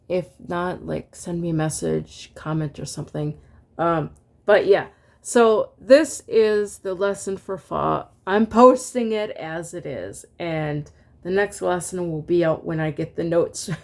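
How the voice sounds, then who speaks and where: A woman's voice: on the low side, slow pace, vocal fry, darkish tone. A woman teaching a casual online music lesson, singing solfege syllables and chatting with fillers and laughs.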